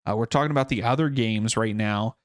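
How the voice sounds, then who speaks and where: On a live soccer watchalong, the host talks loosely, stumbling through fillers and restarts as he thinks aloud. His voice is on the low side and brisk, captured cleanly in a studio with no room sound.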